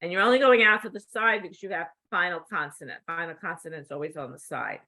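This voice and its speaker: Her voice is fairly low and sharp-toned as this middle-aged woman demonstrates cued speech. She instructs with patience at a slow pace, repeatedly checking on the learner with "okay?"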